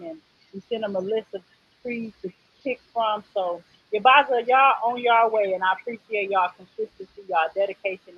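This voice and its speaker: A woman's voice: medium pitch, husky, dull audio. A woman from Illinois hosting a casual live stream with clients over a laptop video call, chatty and playful with folksy slang. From Illinois, USA. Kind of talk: casual livestream chat. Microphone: laptop mic on a video call.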